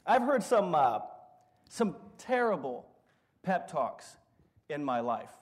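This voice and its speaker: A man's voice: a little high, big pitch swings, takes it slowly, slightly rough. A middle-aged man preaching a sermon, telling funny stories and acting out what people said. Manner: storytelling, humorous, acts out quotes. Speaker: pastor.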